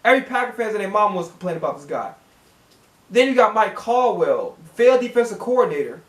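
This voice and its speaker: A man's voice: sits high, very animated, quick pace, reverberant. A man hosting a sports reaction channel, ranting as a fan with heavy cursing and words repeated when he gets worked up. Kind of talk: profane fan rant.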